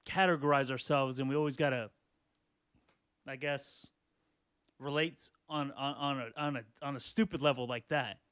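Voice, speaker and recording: Young dude on a podcast, kinda stumbly, repeats himself, dead dry sound. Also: male voice, medium pitch, steady tone, fairly bright tone, clear, resonant tone, dry recording. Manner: halting, repeats words. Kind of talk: casual chat.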